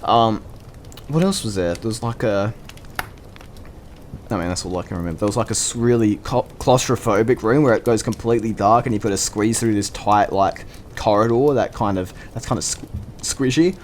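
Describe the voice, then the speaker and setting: A man's voice: on the low side, normal speed, slight background noise. Swearing, rambling male storyteller. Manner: animated, profane, rambling. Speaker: vlogger. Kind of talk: casual storytelling.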